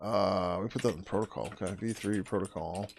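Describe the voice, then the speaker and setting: A tired man on a casual coding livestream, swearing, laughing and muttering code names as he works, his throat getting hoarse. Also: deep voice, a little fast, slight background noise. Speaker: livestreaming programmer.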